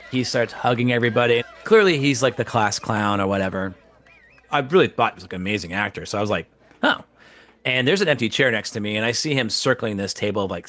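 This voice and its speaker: An actor and comedian tells a story in a casual, animated way. When he quotes people, he acts the lines out with big jumps in pitch.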